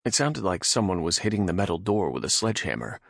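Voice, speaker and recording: A man narrating a fantasy audiobook with lively storytelling delivery. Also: low-pitched, fast, vocal fry, dry recording, clean studio sound.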